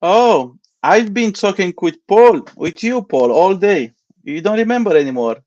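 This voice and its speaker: A man with an Italian accent co-hosting a live stream over a video call, earnest and halting in his phrasing. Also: high voice, lively intonation, darkish tone, no echo, dull audio. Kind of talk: casual live stream chat.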